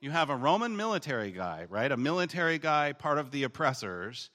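A man teaching through a Bible passage in a casual, conversational way, paraphrasing the text in slangy voices and swinging between emphatic bursts and quiet reading. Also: fairly high pitch, big pitch swings, a little fast. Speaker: preacher teaching on the Gospel of Luke.

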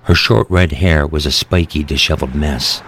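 Very deep-voiced man narrating a story. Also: moderate pace, fairly bright tone, a little hiss or hum. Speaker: author reading his own story. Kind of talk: scripted narration. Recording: narration with music underneath.

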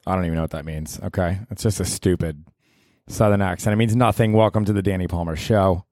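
Low-voiced guy in his 40s, rambling and cursing on his own podcast, dry close sound. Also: fairly even intonation, quick pace, a little mellow, no echo. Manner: rambling, profane, self-mocking. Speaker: podcast host. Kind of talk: casual solo podcast monologue. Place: apartment.

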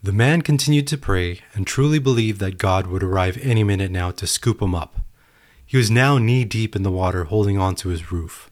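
Here a man hosts a podcast alone, his voice on the low side and his pace a little quick. He earnestly recounts a parable, reflecting as he tells the story.

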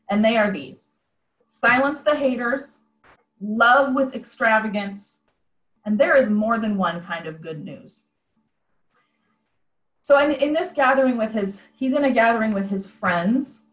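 A woman's voice: medium pitch, fairly bright tone, reverberant, low-quality recording. A woman preaching a conversational sermon over a video call, retelling a story in a plain-spoken, reflective way.

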